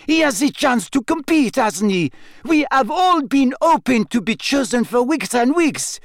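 A man's voice: very high voice, sing-song, measured pace, dry recording, studio quality, voice pushed up, full character voice. A man doing a proud, indignant young witch. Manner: indignant, emphatic.

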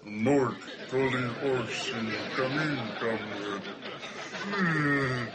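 A man putting on a heavy fake Russian accent as an alien, speaking slowly and over the top. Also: on the high side, expressive, over loud music, a loud crowd. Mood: mock-Russian. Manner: slow, exaggerated.

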